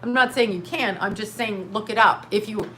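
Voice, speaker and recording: Middle-aged woman ranting on a livestream, blunt and sweary, mid-pitched voice, faint hiss behind her. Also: moderate pace, pushed and bright. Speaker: livestream host reading chat comments. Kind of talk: casual livestream rant. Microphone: webcam or phone mic.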